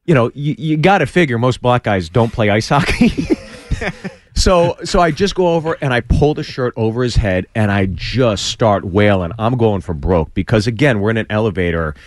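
Animated male comedian telling a story. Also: mid-range voice, moderate pace, no echo. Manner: animated storyteller, acts out the voices. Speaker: guest comedian. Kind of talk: storytelling on a podcast. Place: radio studio. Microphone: studio microphone.

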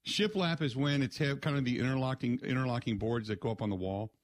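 A man's voice: mid-range voice, fast talker, no echo, studio quality. A man hosting a sports radio show, rambling and joking through casual rants. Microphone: studio mic.

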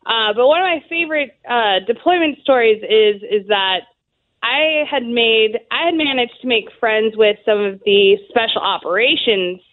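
A woman's voice: fairly high pitch, normal speed. A woman guest telling service stories in a casual, laughing way, full of "like" and "um". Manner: chatty, laughs often, fillers like "like" and "um". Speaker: guest, Army veteran. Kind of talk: casual interview storytelling. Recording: tinny phone-like line.

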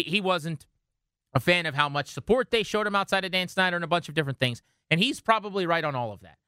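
A man hosting sports radio talk, hoarse from a cold and delivering emphatic, opinionated takes. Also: a little high, sharp tone, no room sound, clean studio sound. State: hoarse from a cold, cracking when he laughs.

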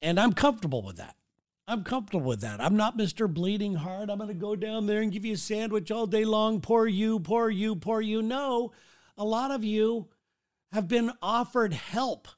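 Blunt high-voiced male podcast host. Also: animated, moderate pace. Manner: blunt, rambling, swears freely. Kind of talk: casual solo monologue. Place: city.

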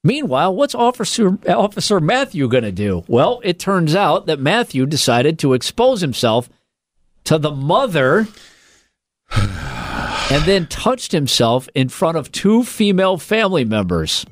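A man with a slightly high voice co-hosting a comedy podcast, swinging his pitch all over as he tells stories. He swears freely and jumps into quoted voices mid-sentence. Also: measured pace, dry recording. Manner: animated, profane, acts out quoted voices. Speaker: podcast co-host. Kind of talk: casual comedic chat.

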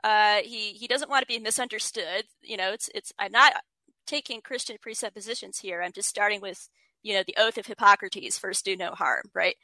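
A woman's voice: mid-range voice, moderate pace, pushed and bright, no echo, low-quality recording. A woman writer giving an interview, explaining ideas earnestly and reading quotes aloud. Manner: earnest, frequent restarts, reads quotes aloud. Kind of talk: thoughtful conversational explanation.

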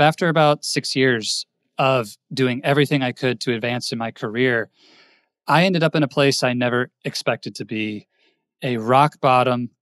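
A man's voice: mid-range voice, a bit bright, dry recording, studio quality. A man, a career coach guest on a podcast, telling his story in an earnest, reflective way. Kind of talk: interview storytelling.

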